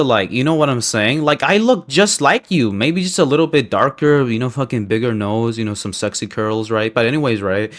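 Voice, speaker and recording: A young man with a voice of ordinary pitch tells a long personal story in a loose, rambling way. He swears freely and keeps checking in with "right?", jumping from heated outbursts to low, muttered asides. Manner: profane, rambling, constant "right?" tags; swings between heated bursts and low mutters. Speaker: storyteller vlogger. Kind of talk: casual storytime monologue.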